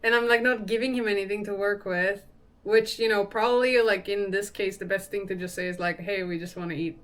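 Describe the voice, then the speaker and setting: A woman's voice: medium pitch, steady tone, fairly quick, fairly bright tone. A young woman chatting casually on a live stream, telling a story with lots of fillers and laughter.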